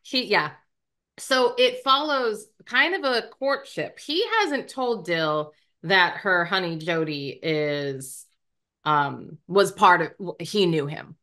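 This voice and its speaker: An American woman talks through a film's plot in loose, animated podcast chat. Her voice sits a little low but sounds bright and forward. She laughs easily and slips into the characters' lines as she retells them. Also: takes it slowly. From United States. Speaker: podcast co-host. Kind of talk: casual movie review chat.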